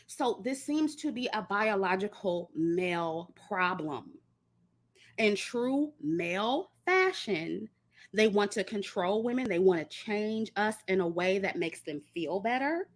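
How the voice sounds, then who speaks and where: A woman's voice: medium pitch, lively intonation, unhurried, fairly bright tone. Blunt woman vlogger giving opinions. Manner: blunt, emphatic, addresses viewers directly. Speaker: commentary vlogger. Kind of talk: opinion monologue to camera.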